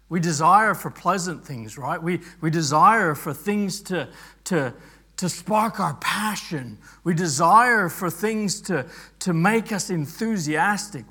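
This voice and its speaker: Male pastor, slightly high voice, earnest sermon delivery with frequent restarts. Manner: earnest, repeats words while thinking aloud; soft prayer voice, then builds to emphatic teaching.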